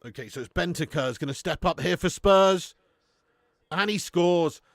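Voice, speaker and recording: A man's voice: high-pitched, moderate pace, a bit bright, no room sound, clean studio sound. A man hosting a live football watch-along, reading out viewers' comments, swearing and laughing in laddish banter.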